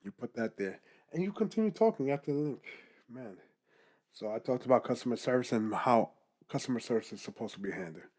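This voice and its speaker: A young man, a podcaster, giving casual advice straight to the camera in a lively, animated way. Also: mid-range voice, fairly quick. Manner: animated, talks straight to the viewer, keeps asking "guess what?".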